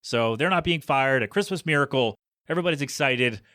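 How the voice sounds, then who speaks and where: A man hosting a podcast, casually recapping a TV episode and acting out the characters' lines with animated swings in his voice. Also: mid-range voice, brisk, no echo, studio quality. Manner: animated, acts out characters' quotes. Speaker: podcast host.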